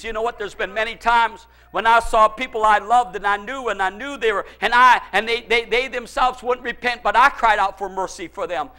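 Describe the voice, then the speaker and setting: A male pastor with a very high, bright and forceful voice delivers an impassioned sermon. He often rises to shouting and crying out. His preaching carries intense, pleading fervor. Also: normal speed. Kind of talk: fervent sermon.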